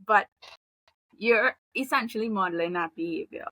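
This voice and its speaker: A woman in her thirties, a behavioral analyst, giving parenting advice in a relaxed, chatty way and acting out example phrases. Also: mid-range voice, normal speed, no echo, poor audio. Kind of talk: casual advice conversation.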